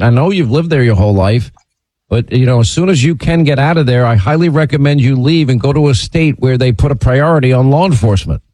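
A man hosting a talk radio show, speaking in a brisk, emphatic way. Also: medium pitch, dark tone, no echo, rough recording.

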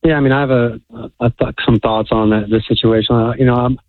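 A man's voice: mid-range voice, fairly even intonation, quick pace, no echo. A man calling in to a radio show, worked up and stumbling over his words. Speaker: caller. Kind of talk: phone-in call. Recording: tinny phone line.

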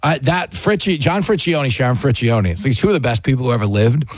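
A man's voice: mid-range voice, brisk, dry recording, clean studio sound. A man hosting a radio talk show, joking and telling stories about himself. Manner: joking, self-mocking, animated storytelling. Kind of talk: casual radio chat.

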